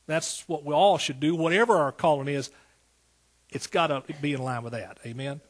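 Older male pastor in his sixties, husky tone, pitched a bit high, folksy sermon delivery. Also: normal speed. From East Texas. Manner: folksy, storytelling, rising to emphatic praise.

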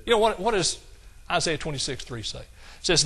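A male preacher delivers a sermon with a slightly raised pitch. He talks in a folksy, conversational way and slows into a measured cadence whenever he quotes scripture. Now and then he chuckles at his own jokes. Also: expressive, bright, forceful tone, breathy edge.

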